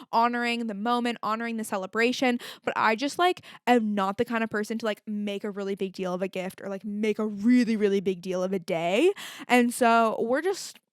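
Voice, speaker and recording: A woman's voice: fairly high pitch, clean tone, no echo, clean studio sound. Chatty young woman, candid podcast talk. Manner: chatty and candid, lots of "like" and swearing. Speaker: podcast host. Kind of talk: casual solo podcast chat.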